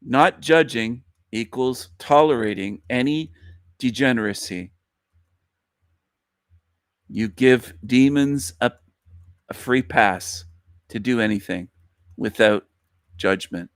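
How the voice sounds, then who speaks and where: A man delivering a live-stream monologue in an emphatic, preachy way, driving points home by repeating them. His voice sits at a medium pitch. The recording is dry, with no room sound. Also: slow pace, pauses often, clear, resonant tone, no room sound. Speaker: livestream host.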